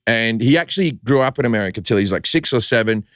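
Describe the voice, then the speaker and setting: Australian comic guest, storytelling, dry close mic, casual and profane. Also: male voice, medium pitch, lively intonation, fairly bright tone, dry recording. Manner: loose, swearing, does quick voices in anecdotes. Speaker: comedian guest.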